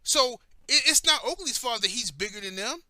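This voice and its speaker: A man's voice: very high-pitched, lively intonation, normal speed, sharp tone, dry recording. A man telling personal stories in a blunt, heated way, cursing heavily as he talks. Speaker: commentator. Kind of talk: profane personal storytelling.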